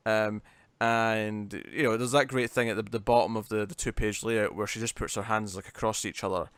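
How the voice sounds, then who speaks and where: A man's voice: fairly low pitch, fairly even intonation, normal speed, fairly bright tone, clean tone, no room sound. A man co-hosting a podcast, chatting casually and rambling with frequent fillers and restarts. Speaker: podcast co-host. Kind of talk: casual chat.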